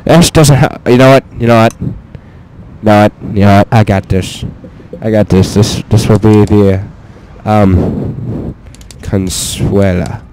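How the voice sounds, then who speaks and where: A young man giving profane, excitable let's play commentary, talking to himself as he plays. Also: lowish voice, slow pace, a little hiss or hum. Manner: profane, excitable, talks to himself while playing.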